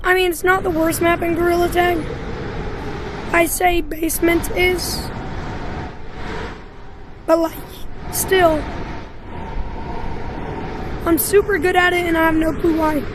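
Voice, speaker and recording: Young woman, very high-pitched, chatty gameplay commentary, filler-heavy, headset mic. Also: little pitch movement, takes it slowly, long pauses, background noise. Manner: chatty, rambling, lots of fillers. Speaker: gaming YouTuber.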